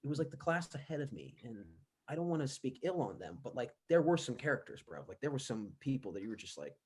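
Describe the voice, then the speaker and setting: A man's voice: medium pitch, sing-song, fast, breathy edge. A young man in his twenties, a podcast guest, talking in a rambling casual way with lots of filler words.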